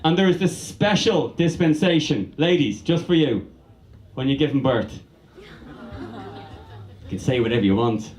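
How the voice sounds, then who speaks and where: A man's voice: on the high side, very animated, measured pace, echoey room. A man with an Irish accent doing a stand-up comedy set, rambling, swearing freely and teasing the crowd. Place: comedy bar venue, live audience.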